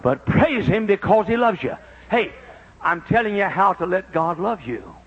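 Older man, preacher, husky voice, lively swooping pitch, dull lo-fi recording. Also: normal speed. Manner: swings from low confiding talk to high shouted praise. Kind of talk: sermon.

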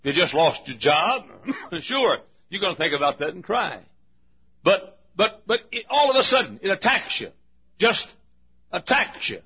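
Male pastor, sermon, emphatic and repetitive, husky voice, dull lo-fi sound. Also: high voice, sing-song. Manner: slow, emphatic preaching with repetitions and direct appeals to listeners. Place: large auditorium.

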